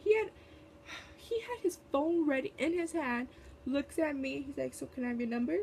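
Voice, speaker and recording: A woman's voice: high voice, normal speed, creaky, very noisy. A young woman telling a storytime vlog in casual, chatty talk, full of fillers and sassy asides. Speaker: vlogger.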